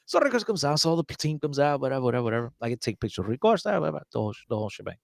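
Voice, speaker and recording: A man telling a story in casual chat, animated and laughing, acting out quotes from other people. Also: mid-range voice, rapid-fire, vocal fry, no echo, studio quality. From New Jersey.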